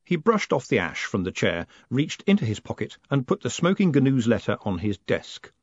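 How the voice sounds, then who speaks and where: Male audiobook narrator, expressive, wry, slightly dull, dry sound. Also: mid-range voice, normal speed, no room sound. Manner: expressive, wry, dramatic reading.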